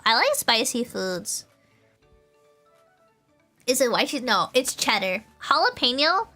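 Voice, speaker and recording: A woman's voice: fairly high pitch, pushed and bright. A woman streamer chatting casually with her viewers, bubbly and rambling, laughing often. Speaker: vtuber streamer.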